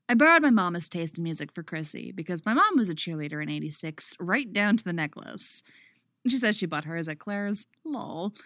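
A woman reading her own romance story aloud, expressive in the narration and chatty and self-mocking in her afterword. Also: medium pitch, no echo, clean studio sound. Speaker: fan fiction reader and writer.

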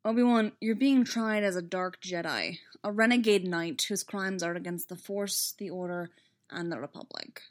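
A woman's voice: on the low side, fairly even intonation, moderate pace, close to an everyday voice. A woman reading aloud, voicing a grim male Jedi knight in a wry, clipped, urgent way. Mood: tense. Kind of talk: fan fiction read aloud.

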